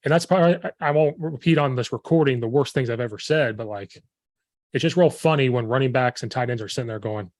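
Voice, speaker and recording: Animated storytelling man, dry sound. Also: medium pitch, fast, no room sound. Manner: animated storytelling, acting out quoted players and himself. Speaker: podcast host and football coach. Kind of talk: casual chat.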